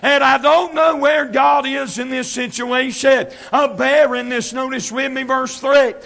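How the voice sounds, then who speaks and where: A man preaching an impassioned sermon, swinging from shouted scripture to quiet asides. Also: very high voice, fairly even intonation, measured pace, gravelly. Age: 30s.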